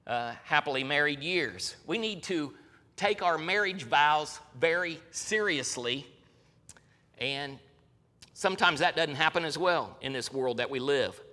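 A man's voice: high-pitched, pushed and bright, big-room sound. A middle-aged man preaching a sermon as a pastor, emphatic and repeating words for weight.

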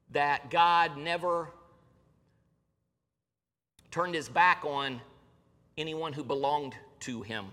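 Pastor guy preaching, kinda high bright voice, lots of echo like a big church hall. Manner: earnest preaching, swings from raised to hushed delivery. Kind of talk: sermon. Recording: long reverb of a large hall.

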